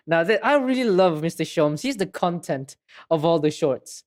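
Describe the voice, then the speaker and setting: A woman's voice: lowish voice, lively intonation, normal speed, a little mellow. A woman streamer chatting casually while playing a game, giggly and self-mocking. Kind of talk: casual gameplay chat.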